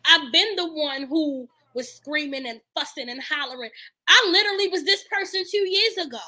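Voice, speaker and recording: Very high, bright-voiced frank woman. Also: moderate pace. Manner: frank and emphatic, speaks from experience. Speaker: podcast co-host. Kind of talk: casual chat.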